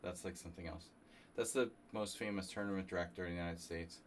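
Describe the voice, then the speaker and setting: A man from New Jersey streaming a chess simul, thinking aloud in a halting, casual way and coughing now and then. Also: low-pitched, steady tone, a little hiss or hum. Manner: halting, muttering through chess moves with fillers.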